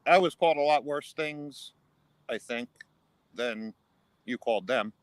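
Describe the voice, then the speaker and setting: A man calling in on his cell phone for a casual live-stream chat, speaking slowly with hedges and short agreeing replies. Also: mid-range voice.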